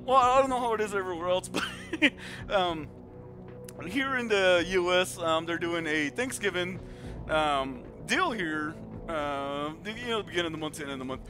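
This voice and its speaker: A man's voice: sits high, moderate pace, bright, forceful tone, soft background music. A man streaming a game live, chatting casually, reading viewer comments aloud and laughing often as he calls people dude.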